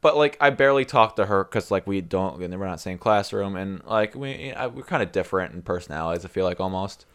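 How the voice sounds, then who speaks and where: A man's voice: deep voice, lively intonation, quick pace, hardly any pauses, fairly bright tone, clear, resonant tone. A young man co-hosting a podcast, rambling through casual chat, cursing freely and laughing at his own stories. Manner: quotes people in put-on voices. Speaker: podcast co-host.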